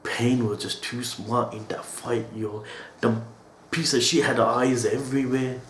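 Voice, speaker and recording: A man's voice: mid-range voice, flat delivery, a little slow, slight background noise. A man giving an emotional reaction monologue as an anime reaction host, talking in slang and tagging his lines with a casual "yo". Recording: roomy echo.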